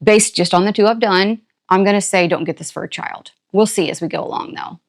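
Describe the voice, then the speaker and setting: An older woman hosting a casual unboxing, chatty and playful with quick asides and a jokey put-on country twang. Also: medium pitch. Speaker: unboxing channel host. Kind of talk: casual product unboxing chat.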